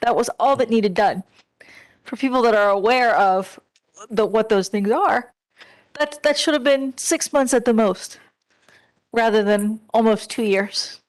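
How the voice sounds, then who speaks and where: A woman's voice: a little high, a little slow. Earnest woman testifying at a hearing. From Pennsylvania. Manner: earnest, direct, emphatic. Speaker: hearing witness, disability advocate.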